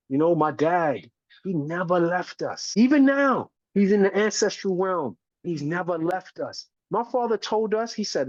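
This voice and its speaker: A man's voice: high voice, expressive, moderate pace, no room sound. A man in his forties from the United States, a community educator speaking passionately in an interview and often checking in with "right?". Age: 40s. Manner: emphatic, preachy, keeps tagging "right?". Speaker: podcast guest, community educator. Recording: dull, dry lo-fi recording.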